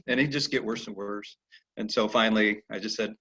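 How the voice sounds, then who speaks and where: A man teaching a horse training lesson over a video call, telling animated stories and acting out the horses' replies. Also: mid-range voice, a little fast. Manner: animated storyteller who acts out horses' replies. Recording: dull lo-fi video call audio.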